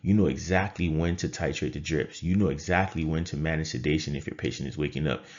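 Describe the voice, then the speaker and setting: A man with a very low voice gives a motivational coaching talk straight to camera. He is emphatic and drives his points home by repeating phrases. The sound is dull and lo-fi. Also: fast talker, darkish tone. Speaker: trading coach and critical care nurse.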